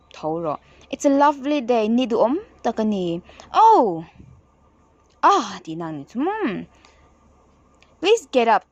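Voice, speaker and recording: A Mizo-accented woman teacher, a native Mizo speaker, reads a children's poem aloud slowly. Her voice is higher than average and swoops widely between high and low notes. The sound is dry and close, with almost no room echo. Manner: sing-song reading with exaggerated rises and drops. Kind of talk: English poem lesson explained in Mizo.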